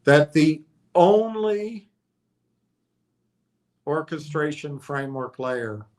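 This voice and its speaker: A man hosting a stock stream, speculating in a rambling, hesitant way with frequent restarts and fillers. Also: mid-range voice. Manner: rambling, hesitant, thinking aloud with many restarts. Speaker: stock commentator. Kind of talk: casual speculative monologue.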